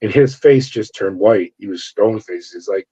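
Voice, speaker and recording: Lo-fi animated man telling his story. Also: fairly low pitch, normal speed, slightly rough. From California. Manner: animated storyteller acting out quoted voices. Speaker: guest, former corrections officer. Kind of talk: storytelling interview. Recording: dull lo-fi audio.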